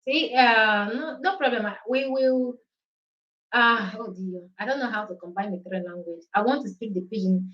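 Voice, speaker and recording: This is a Nigerian woman, an Igbo speaker, hosting a casual live chat from home. Her voice sits a little high, and she drifts between English, Pidgin and a bit of Italian as she talks. The sound is roomy and slightly dull, like a live stream. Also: moderate pace, a bit bright.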